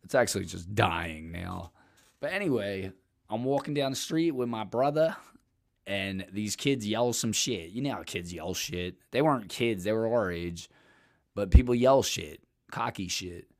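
A man's voice: fairly low pitch, lively intonation, a little slow, darkish tone. A man hosting a podcast, telling stories in a rambling, profane, casual way and laughing often. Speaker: podcast host.

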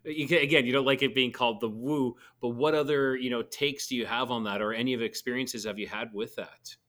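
Halting male podcast host. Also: medium pitch, steady tone, a bit bright. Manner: halting, searching for words. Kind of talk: interview questions.

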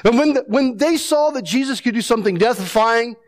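A male pastor delivering a sermon, his voice sitting notably high for a man. He talks conversationally, with restarts and rhetorical questions to the congregation. When he quotes people, he acts them out with animated energy. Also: fairly quick.

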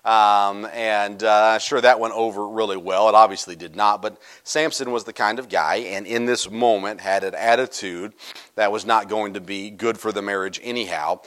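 A man's voice: fairly low pitch, steady tone, a bit bright. Casual joking man preaching. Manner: casual, joking storyteller with quick asides. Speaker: pastor. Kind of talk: sermon.

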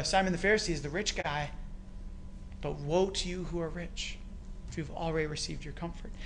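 High-voiced Canadian man preaching a sermon. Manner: storytelling, animated, with rhetorical questions. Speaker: pastor.

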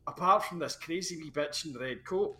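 A man's voice: fairly high pitch, a little fast, sharp tone. A man, a guest on a podcast, chatting laid-back about a film and laughing easily. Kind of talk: casual film review chat.

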